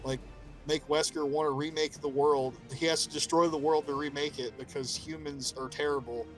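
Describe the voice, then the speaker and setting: A man co-hosting a casual podcast about a video game, animated, swearing freely and acting out character quotes. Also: fairly high pitch, normal speed, soft background music, poor audio. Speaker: podcast co-host.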